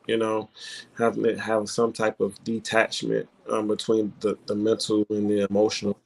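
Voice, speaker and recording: Gravelly man in halting casual chat. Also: on the low side, completely flat delivery. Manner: halting, many fillers and restarts. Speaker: panelist discussing card readings.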